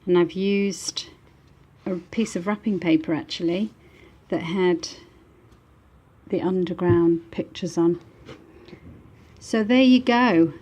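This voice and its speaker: A middle-aged woman from Manchester with a Mancunian accent, chatting warmly and gushing as she shows off her handmade journals. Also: lowish voice, slow, a little hiss or hum. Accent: Mancunian English. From Manchester, England. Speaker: book artist. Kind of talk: casual show-and-tell.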